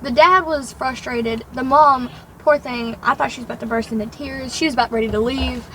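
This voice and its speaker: A woman's voice: high-pitched, steady tone, fairly quick, a bit bright, slight background noise, poor audio. A young woman in casual chat, telling a rambling story about her first workday and leaning on "like" a lot. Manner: rambling storytelling, heavy use of "like".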